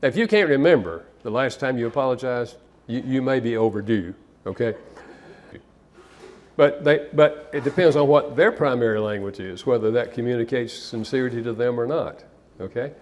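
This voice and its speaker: A man's voice: mid-range voice, moderate pace, a little mellow. A man counselor giving a live seminar talk to an audience, conversational and anecdotal, with occasional restarts. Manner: conversational, storytelling, some repeated restarts.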